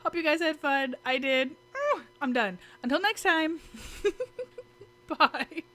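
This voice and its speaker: A woman's voice: high voice, lively intonation, normal speed, a bit bright, soft background music. A woman with kids, vlogging casually to camera, chatty and giggly with lots of fillers and restarts. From United States. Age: adult with children. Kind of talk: casual talking-to-camera vlog. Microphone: camera mic.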